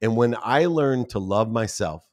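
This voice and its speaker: A man's voice: mid-range voice, lively intonation, unhurried, darkish tone. A man in his fifties, a podcast guest, telling a personal story with feeling and acting out the people he quotes. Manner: emotional, acts out quoted voices.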